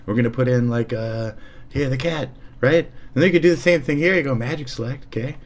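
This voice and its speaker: A man's voice: medium pitch, brisk. A man live streaming as he shows off an editing program, rambling and swearing in a sarcastic, mocking way, often trailing off into mutters. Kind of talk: casual profane streaming chat.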